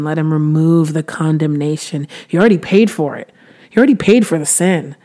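Low, mellow-voiced woman giving earnest encouragement. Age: 30s. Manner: earnest and heartfelt, with sudden bursts of preacher-like emphasis; chatty, with frequent restarts and small laughs. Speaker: Christian vlogger sharing devotional encouragement. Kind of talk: casual devotional talk.

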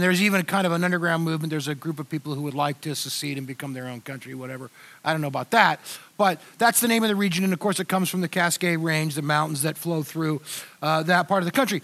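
An older male pastor preaching to his church in an easygoing way. His voice sits high for a man, and he often stops and restarts mid-thought. It sounds unscripted, like a pastor talking straight to his people. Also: fairly bright tone. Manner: conversational, halting with many restarts. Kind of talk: sermon.

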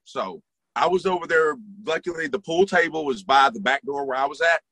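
A man's voice: on the high side, fairly quick, sharp tone, no room sound. A man, a former bouncer, talking casually about his work, in a laid-back storytelling way with many fillers. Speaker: interview guest, former bouncer. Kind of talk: casual conversation.

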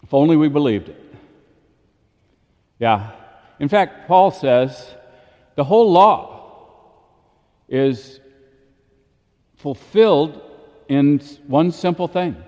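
A Catholic priest giving a daily homily in a lively, informal way, chuckling often. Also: male voice, fairly high pitch, takes it slowly, long pauses, in a large hall, lo-fi sound. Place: church.

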